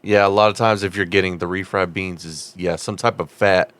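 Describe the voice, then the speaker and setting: A man with a very deep voice chatting on a comedy podcast. He explains things in a plain, matter-of-fact way and sometimes stumbles and restarts. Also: fairly even intonation, brisk, fairly bright tone, no room sound. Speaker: podcast co-host. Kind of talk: casual chat.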